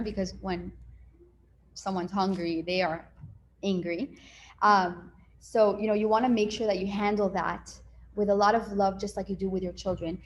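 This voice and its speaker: A woman's voice: mid-range voice, steady tone, normal speed. A woman coaching on relationships in a casual advice talk, chatting freely and acting out little dialogues as she goes. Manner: conversational, acts out little dialogues, many fillers.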